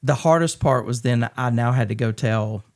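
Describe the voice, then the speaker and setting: A middle-aged man from Georgia in the US, telling his story as a podcast guest in an earnest, halting way with many restarts. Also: medium pitch. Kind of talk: candid conversational storytelling.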